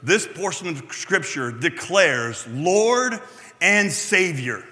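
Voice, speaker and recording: A man's voice: a little high, sing-song, slow pace, sharp tone, in a large hall. A man preaching as a pastor, talking conversationally with frequent "right?" checks to the room and small self-deprecating asides. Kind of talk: sermon.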